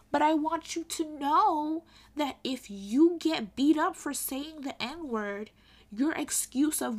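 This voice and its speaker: A woman's voice: high voice, slow. A woman vlogger giving candid, emphatic commentary to camera, with frequent ums and restarts.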